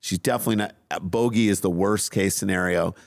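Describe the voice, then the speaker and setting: A man co-hosting a podcast, telling a story in a casual, animated, self-mocking way. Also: deep voice, fast, creaky, no echo, clean studio sound. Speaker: podcast co-host.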